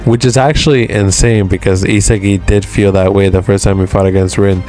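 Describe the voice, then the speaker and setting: A man with a low, level voice recaps a manga chapter in loose, casual talk, stringing lines together with "he's like". His delivery stays flat and even, with soft music faintly underneath. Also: a little fast. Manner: narrates dialogue with constant "he's like". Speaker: manga review host.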